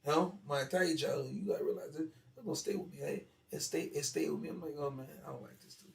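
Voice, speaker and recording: A man speaking as an interview guest, telling a childhood story in an animated way that turns loud when he gets worked up. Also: a little high, fast, creaky. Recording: echoey room, far from mic, faint ambience.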